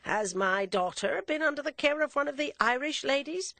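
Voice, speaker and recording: Urbane, teasing middle-aged gentleman, as a woman reads him, dry and ironic. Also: high voice, lively intonation, moderate pace, gravelly, no room sound, voice pushed up, heavily acted.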